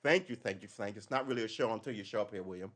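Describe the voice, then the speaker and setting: Racing along in a fairly low, slightly bright voice, a podcast host rants wryly on a casual live stream. His talk rambles through tangent after tangent, and he speaks to his listeners throughout.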